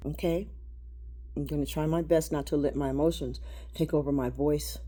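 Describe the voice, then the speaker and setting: A woman giving a rambling, preachy spiritual monologue, halting and repeating words, dropping to a hush and then rising loud. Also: sits low, fairly even intonation. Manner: preachy, swings between hushed and loud.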